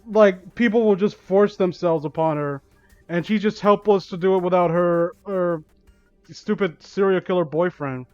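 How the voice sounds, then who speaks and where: A young man with a fairly high voice who reads a fan story aloud and mocks it in sarcastic, exasperated asides. The sound is dull and lo-fi, in a dry room with no echo. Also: a little slow, a little mellow, clear, resonant tone, soft background music. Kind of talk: comedic dramatic reading with commentary.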